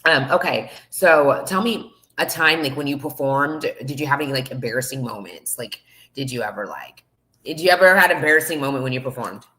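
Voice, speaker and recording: A woman's voice: a bass voice, expressive, a little fast, bright, forceful tone. A woman hosting a casual livestream interview, chatty and encouraging, laughing often, heard over a video call. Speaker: podcast host.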